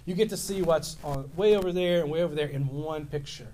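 Animated high-voiced male pastor preaching. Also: a little fast, slight background noise. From Louisiana, US. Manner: animated storytelling, rambling restarts. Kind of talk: sermon.

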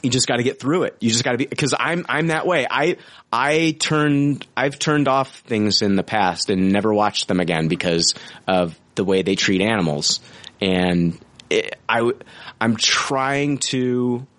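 A man's voice: mid-range voice, a little slow, a bit bright. A man co-hosting a podcast, chatting casually and enthusiastically, with frequent restarts and filler words. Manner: enthusiastic, rambling with many restarts. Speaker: podcast co-host. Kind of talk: casual review chat.

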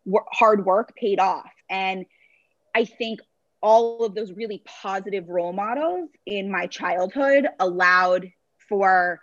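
Speaking in a lower, neutral voice, a woman in her late twenties from around Boston chats as an upbeat, articulate podcast guest. She works as a marketing director, and the casual interview is recorded over a remote call. There's no room sound, and it comes across muffled.

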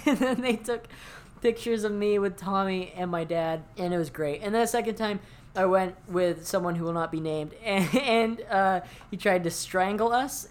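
A woman co-hosting a podcast in casual chat, telling stories excitedly and laughing often. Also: medium pitch. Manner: excited, laughing, fast storytelling. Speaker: podcast co-host.

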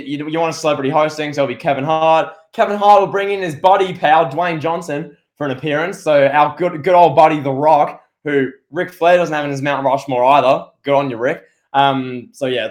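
A man co-hosting a casual wrestling podcast, talking in a rambling, excitable way with lots of restarts. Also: fairly high pitch. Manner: rambling, excitable, full of restarts and playful impressions. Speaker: podcast co-host.

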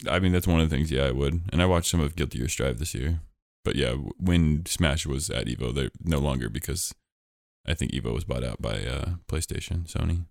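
A man's voice: extremely low pitch, a little fast, vocal fry, a little mellow, no echo, clean studio sound. A man hosting a podcast, chatting casually in a rambling, jokey way with lots of fillers. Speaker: podcast host.

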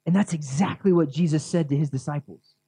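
A man's voice: a little high, brisk, vocal fry, dark tone, slightly rough, dry recording. A man preaching a sermon in a casual, conversational way, guiding his listeners to imagine scenes. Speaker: pastor. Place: outdoors near a grassy area with children. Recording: dull lo-fi sound.

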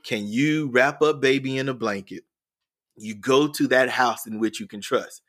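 A man's voice: medium pitch, moderate pace, a bit bright. A man, an educator and interview guest, telling a story in a podcast interview with earnest, repeated phrasing. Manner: earnest, repeats words while building a story.

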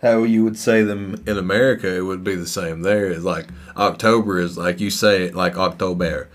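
Male podcast co-host, slightly low voice, loose rambling delivery with casual swearing. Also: steady tone, normal speed. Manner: loose, rambling, swears freely, laughs often. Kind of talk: casual chat.

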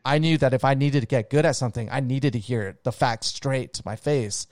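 A man's voice: mid-range voice, a little fast, darkish tone, dry recording. A man telling a long story in casual chat, rambling with lots of "like" and "dude" and casual swearing.

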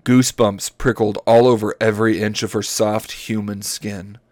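A man's voice: on the low side, flat delivery, moderate pace, a little mellow, no room sound. Man reading a story aloud, dry sound. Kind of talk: comedic read-aloud with banter.

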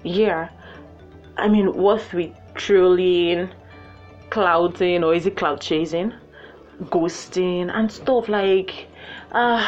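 A young woman hosting her own podcast in a playful, animated way, jumping to high excited exclamations. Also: slow. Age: young adult. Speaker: podcast host. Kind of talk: casual solo podcast chat. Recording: muffled lo-fi with faint music.

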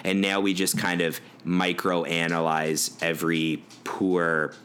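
Brief: young male podcast co-host, very low voice, profane joking banter, faint noise behind. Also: flat delivery, takes it slowly, fairly bright tone. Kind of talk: casual sports chat.

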